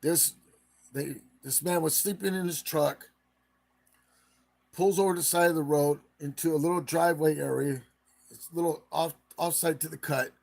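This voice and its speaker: A man's voice: a little high, fairly even intonation, moderate pace, gravelly, a little mellow. A man hosting a live stream, casually retelling a case in a rambling way and acting out the quotes.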